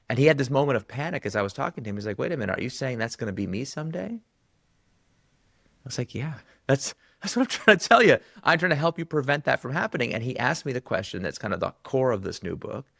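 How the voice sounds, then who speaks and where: Low gravelly male guest, animated storyteller, dry close sound. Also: no room sound. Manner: animated, acts out quoted dialogue with quick pitch jumps. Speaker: guest author. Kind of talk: conversational storytelling.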